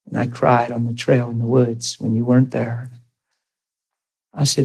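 Here a preacher moves from rapid questions thrown at his congregation to soft, low tales. He's animated throughout, swelling into high, insistent questions for the crowd.

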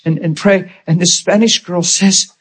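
A male preacher telling a story in a sermon, animated and emotional. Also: high-pitched, unhurried, breathy edge.

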